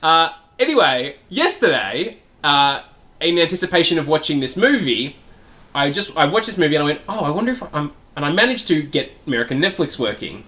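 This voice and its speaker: A man with a slightly high, very animated voice tells a long rambling story on a casual comedy podcast. He laughs often and swears freely. His pitch jumps around as he goes. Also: fairly quick. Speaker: podcast co-host.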